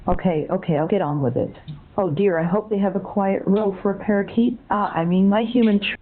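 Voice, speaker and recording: A woman's voice: medium pitch, fairly quick, natural voice. A computer voice of a woman playing a dotty old woman who believes she is a parakeet, sweetly befuddled and breaking into squawks and chirps over the phone. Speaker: scam-baiting bot. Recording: tinny phone line.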